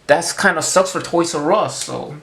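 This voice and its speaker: A man's voice: a little high, creaky, fairly bright tone. Rambling man in an echoey room. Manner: halting, rambling with many restarts. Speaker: vlogger. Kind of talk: rambling comedic monologue.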